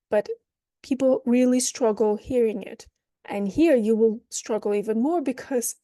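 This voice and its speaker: A woman teaching an online language lesson, explaining with playful metaphors and modelling phrases slowly and then at natural speed. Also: fairly high pitch, dark tone, no room sound, studio quality.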